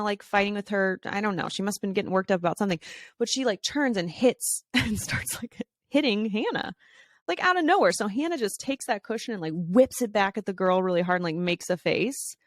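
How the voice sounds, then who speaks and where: A woman in her thirties talks through a casual podcast monologue, middle-pitched and chatty. She acts out bits of dialogue with quick shifts and laughs easily. The sound is dry and close. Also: expressive, no echo. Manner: chatty with frequent fillers and laughs. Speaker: podcast host.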